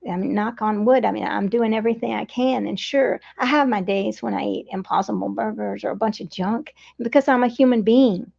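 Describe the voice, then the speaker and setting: Gravelly-voiced woman in her fifties. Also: mid-range voice, fairly quick, hardly any pauses, darkish tone, lo-fi sound. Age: 50s. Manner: earnest, heartfelt and meandering. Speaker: vegan empowerment coach. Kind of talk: casual personal monologue.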